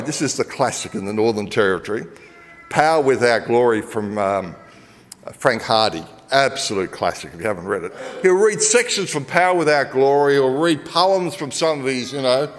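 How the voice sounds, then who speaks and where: A middle-aged Australian man preaching a sermon and telling a story, swinging between loud emphasis and quiet asides. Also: medium pitch, expressive, normal speed, in a large hall.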